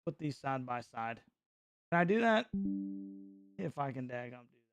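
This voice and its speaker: A middle-aged man from North Carolina hosting a casual live reaction stream, joking and mocking his chat with excitable banter. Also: medium pitch, normal speed, soft background music.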